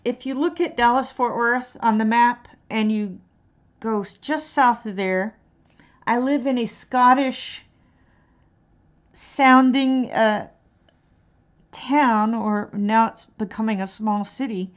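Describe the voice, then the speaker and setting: A woman's voice: a little high, takes it slowly, pauses often, highs cut off. A woman from Texas chatting casually on stream while coloring, rambling and self-deprecating.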